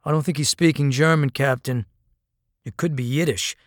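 A tall army corporal explains in a calm, careful voice, played by a man reading aloud. This is a storybook reading. The sound is dry, with no room echo. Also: medium pitch, normal speed, natural voice. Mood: earnest.

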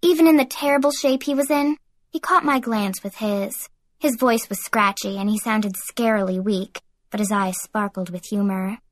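A woman narrating a first-person audiobook in an expressive reading voice. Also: mid-range voice, normal speed.

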